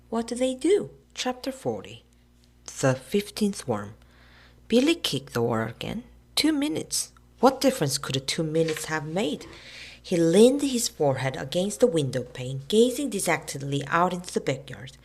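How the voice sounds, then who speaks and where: A woman narrating a storybook aloud in an expressive way, switching into voices for the characters. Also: on the low side, normal speed, slightly rough. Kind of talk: storybook reading.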